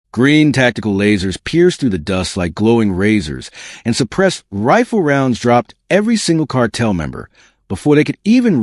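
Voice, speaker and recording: A man's voice: on the low side, no room sound, clean studio sound. A man reading a dramatic story as scripted narration with an intense delivery.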